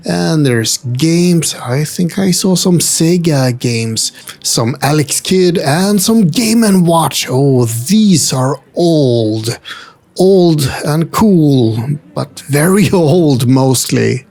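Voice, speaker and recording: Slow-talking gravelly man. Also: fairly high pitch, animated. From Sweden. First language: Swedish. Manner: chatty, wry asides and gentle jokes. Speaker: travel vlogger and host. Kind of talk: casual walking-tour narration. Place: indoor multi-floor retro game store.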